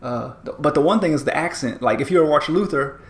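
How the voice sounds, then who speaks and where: A man's voice: fairly high pitch, expressive, fast, reverberant. A man co-hosting a podcast in casual chat, rambling with many restarts and fillers. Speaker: podcast co-host.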